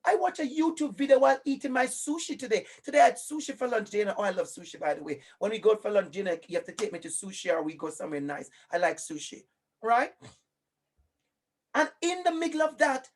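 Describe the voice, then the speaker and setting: Animated Jamaican man, high voice. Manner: animated and emphatic, talks straight to a colleague by name. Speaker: lecturer. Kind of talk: live online lecture.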